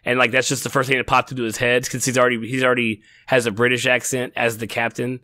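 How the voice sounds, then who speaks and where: A man's voice: medium pitch, level tone, fast talker, pushed and bright, dry recording, clean studio sound. A middle-aged man co-hosting a casual TV review chat, rambling with frequent restarts and laughter. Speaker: podcast co-host.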